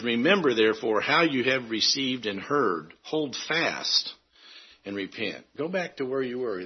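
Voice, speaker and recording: A man preaching a sermon in an earnest way, halting often and restarting his phrases. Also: fairly low pitch, slightly rough, muffled recording.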